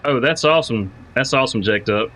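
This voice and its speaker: A man's voice: mid-range voice, brisk, fairly bright tone, rough recording. A man streaming a farming game live, chatting casually with viewers, greeting them by name and thinking aloud with lots of repeated words. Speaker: livestreamer playing a farming game.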